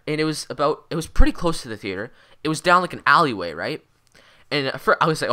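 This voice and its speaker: Excitable teenage boy telling a rambling story. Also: fairly high pitch, fast talker. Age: teens. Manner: excitable, swears constantly, rambling with many fillers. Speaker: vlogger. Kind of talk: casual storytelling vlog.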